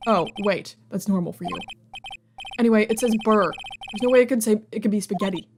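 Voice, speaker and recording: A woman's voice: medium pitch, fairly quick, slight background noise. A woman playing a video game and reading its dialogue aloud, with wry joking asides. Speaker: let's player.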